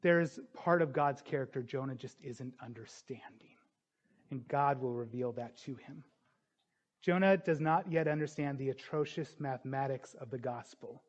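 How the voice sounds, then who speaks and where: A man's voice: medium pitch, moderate pace, muffled recording. A man preaching a sermon as pastor, earnest and building to emphatic questions.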